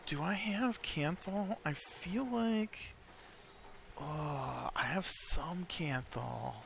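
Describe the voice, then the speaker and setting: A man's voice: on the high side, very slow, vocal fry, fairly bright tone, slight background noise. An American man giving casual gameplay commentary, thinking aloud and rambling with lots of fillers. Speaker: let's play host.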